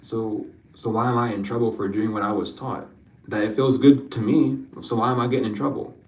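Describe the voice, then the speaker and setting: A man's voice: on the low side, steady tone, brisk, a little mellow, echoey room, far from the mic, rough recording. A man giving an emotional spiritual reading, rambling, repeating his questions and swearing freely. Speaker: spiritual card reader.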